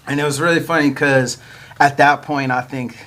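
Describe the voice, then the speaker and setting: Relaxed male podcast host at mid pitch, chatty storyteller, laughs as he goes. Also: normal speed. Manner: laid-back, chuckles often, many fillers like "like" and "you know". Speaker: podcast host and battle rapper. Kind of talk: casual storytelling chat.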